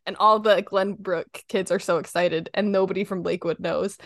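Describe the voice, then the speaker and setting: A woman's voice: medium pitch, fairly even intonation, moderate pace, dry recording, clean studio sound. A young woman co-hosting a casual podcast, gushing about an episode, often laughing and quoting lines. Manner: giggly and gushing, breaks into laughter and quotes lines in a put-on voice. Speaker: podcast co-host. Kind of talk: casual podcast chat recapping a cartoon episode.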